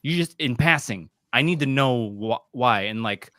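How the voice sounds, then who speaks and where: A man's voice: medium pitch, expressive, normal speed, fairly bright tone, no room sound. A man co-hosting a casual podcast who stops and searches for his words. His voice sits mid-range, recorded dry and close. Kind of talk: casual live discussion.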